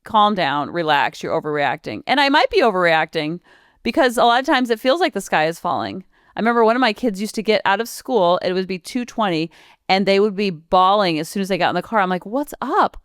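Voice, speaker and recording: A woman's voice: mid-range voice, animated, quick pace, clean tone, no echo, studio quality. A woman in her forties hosting a parenting podcast, chatting casually and piling up long lists of examples. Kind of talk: casual solo podcast talk.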